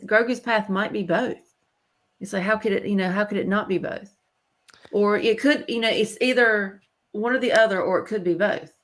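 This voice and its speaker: A woman co-hosting a podcast, thinking aloud hesitantly and laughing easily. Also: medium pitch. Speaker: podcast co-host. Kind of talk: casual chat.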